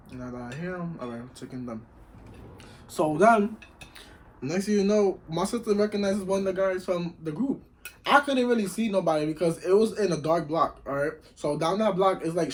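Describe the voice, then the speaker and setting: Animated young man telling a story. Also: on the high side. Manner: animated, acts out voices in quotes. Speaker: vlogger. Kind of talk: casual storytelling while eating.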